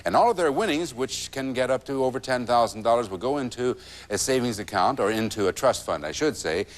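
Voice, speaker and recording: A man's voice: mid-range voice, animated, fairly quick. A man hosting a TV game show, chatty and teasing with contestants. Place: TV studio. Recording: noisy 1980s TV tape with studio audience.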